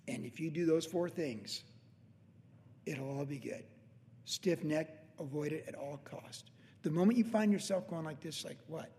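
Late-fifties male pastor, chatty, meandering storyteller, voice on the higher side, recorded with reverb in a big hall. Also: creaky, a little mellow. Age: late 50s. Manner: rambling, conversational, with many restarts and "like". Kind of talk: casual sermon storytelling.

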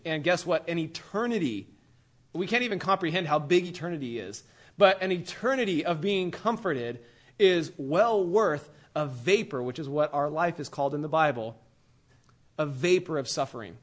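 A male preacher giving a casual, slangy sermon, animated and acting out characters as he goes. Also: a little high, normal speed.

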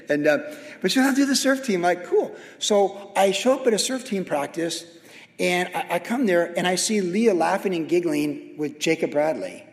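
A man's voice: high voice, lively intonation, normal speed, gravelly. A middle-aged man who is a pastor, giving a sermon in a conversational, anecdotal and humorous way. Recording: reverberant hall.

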